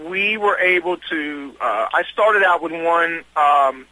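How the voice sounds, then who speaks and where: A man's voice: on the high side, animated, takes it slowly, pushed and bright, no echo, rough recording. A man with a Southern US accent from North Carolina, a guest on an interview, talking eagerly in a rambling way full of restarts and repeated words. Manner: eager and talkative. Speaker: guest, swimwear designer and fitness trainer. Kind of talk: casual interview chat.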